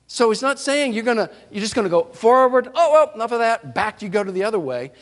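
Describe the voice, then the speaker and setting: High-voiced preaching man in a reverberant church. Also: quick pace. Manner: animated storytelling preacher, shouts playful whoops. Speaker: pastor. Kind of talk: sermon. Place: church sanctuary.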